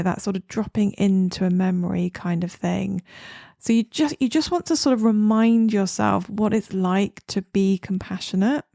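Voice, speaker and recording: A woman psychologist with an Australian accent giving calm, soothing advice on a podcast, sometimes slowing down to a whisper. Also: medium pitch, gravelly, no echo, clean studio sound. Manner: calm, soothing, slows down and drops to a whisper on key words.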